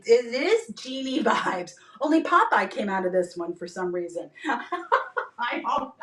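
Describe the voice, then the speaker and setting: A woman's voice: on the high side, a bit bright. A woman selling items on a live stream in a bubbly, chatty way, greeting viewers by name and joking. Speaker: live-stream auction seller. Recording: echoey room, mic far off.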